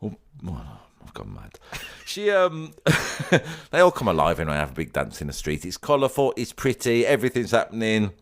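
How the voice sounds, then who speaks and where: A man co-hosting a casual pop music podcast, animated, laughing often and singing snatches of songs. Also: mid-range voice, moderate pace, few pauses. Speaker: podcast co-host.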